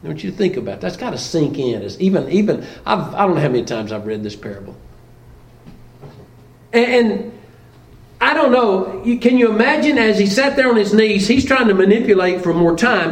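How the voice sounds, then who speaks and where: A man's voice: high-pitched, sing-song, a little fast, echoey room, far from the mic, rough recording. A middle-aged man preaching a sermon in a plainspoken, conversational way, asking rhetorical questions and restarting his sentences.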